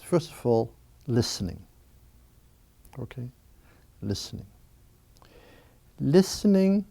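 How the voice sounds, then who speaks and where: A man's voice: mid-range voice, gravelly, a little mellow, dry recording. A man being interviewed, talking in a reflective way with a restless, nervous energy and many restarts. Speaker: interview guest. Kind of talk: reflective interview talk on prayer.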